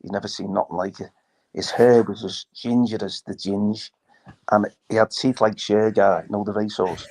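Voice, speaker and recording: A man's voice: lowish voice, flat delivery, moderate pace, darkish tone. An older man, a former footballer telling stories in casual chat, quoting people as he goes. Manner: storytelling with acted quotes. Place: live online chat.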